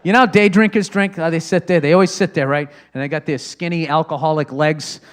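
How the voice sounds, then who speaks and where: High-voiced man in a profane comic rant. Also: steady tone, fairly quick. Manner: profane ranting that swings from loud outbursts to muttering. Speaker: podcast host. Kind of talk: comedic podcast monologue.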